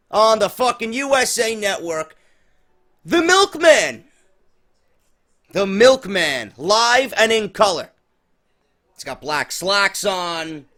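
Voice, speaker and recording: A man's voice: high voice, pushed and bright. A man ranting through a profane, sarcastic review of a wrestling show, exasperated and mocking. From New York.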